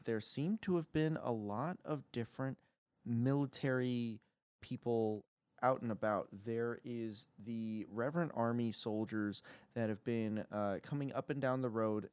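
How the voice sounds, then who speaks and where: A man narrating a tabletop role-playing game as game master, in a casual, halting way with many fillers. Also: mid-range voice, darkish tone, smooth, dry recording.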